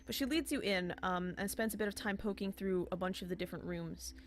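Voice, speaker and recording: Halting woman game master. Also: medium pitch. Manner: halting, many fillers and restarts. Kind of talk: narrating a tabletop game.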